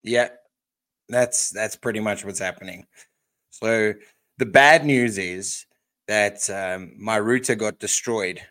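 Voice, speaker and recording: A South African man co-hosting a podcast, chatting in a relaxed way and laughing easily. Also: lowish voice, takes it slowly. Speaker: podcast co-host. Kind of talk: casual chat.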